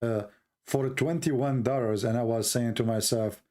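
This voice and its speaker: A man's voice: medium pitch, fairly even intonation, measured pace, a little mellow. A middle-aged man from the Middle East with a Middle Eastern accent, delivering a mocking, sarcastic livestream monologue in broken English. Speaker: show host.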